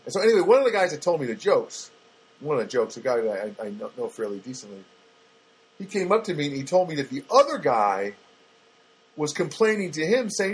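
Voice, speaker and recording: A man hosts a podcast, his voice pitched on the high side with a sing-song, brisk delivery and a breathy edge. He's a comedian rambling through everyday grievances in a wry, self-mocking way, full of fillers and restarts in a meandering comic monologue.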